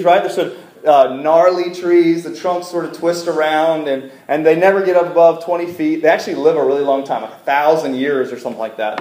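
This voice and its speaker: A man's voice: on the high side, darkish tone, roomy sound, low-quality recording. A man preaching a casual, joking sermon to a congregation in a church, asking them to repeat words back to him. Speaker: pastor. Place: church service room.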